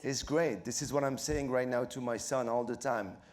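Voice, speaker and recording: Laughing French-accented man, animated storyteller. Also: medium pitch. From Morocco. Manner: laughing often, acting out quoted voices, halting with fillers. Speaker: comedian guest. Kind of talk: live on-stage interview.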